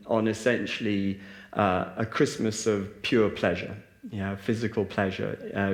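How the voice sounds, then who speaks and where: A man leading a reflective spiritual talk and group meditation for a live audience, with many fillers and restarts. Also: fairly low pitch. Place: large hall with a live audience. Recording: roomy echo.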